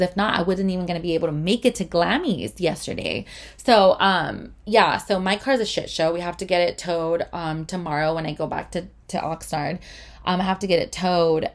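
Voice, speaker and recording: Chatty swearing young woman, low voice. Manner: chatty, swears a lot, uses "like" often. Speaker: vlogger. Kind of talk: casual storytime monologue.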